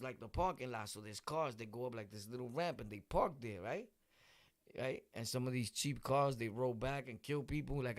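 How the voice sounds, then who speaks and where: A young man with a New York accent telling street stories in a casual, animated, slang-heavy way. He laughs often and acts out voices. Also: on the high side, vocal fry, no echo, studio quality. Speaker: vlogger telling true stories.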